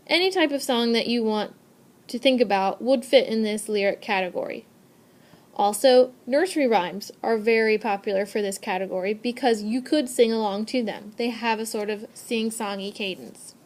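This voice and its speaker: This classroom lesson comes from a young adult woman whose voice runs slightly high for a woman, recorded on a tablet mic. She moves at a normal speed, explaining cheerfully and clearly like a teacher and going over important points again and again.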